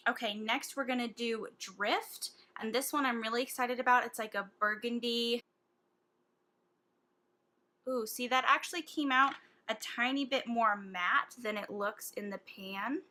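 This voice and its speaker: Bright-voiced, gushing woman beauty vlogger. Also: on the high side, a little slow. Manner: gushing, excitable, breathy gasps. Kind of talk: casual makeup swatching vlog.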